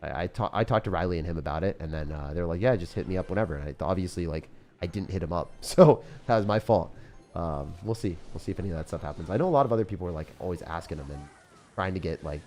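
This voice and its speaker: A man's voice: sits low, fast, darkish tone, a little hiss or hum. A young man streaming a mobile game, chatting casually and laid-back with viewers, saying dude and bro and laughing often. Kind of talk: casual live-stream chat.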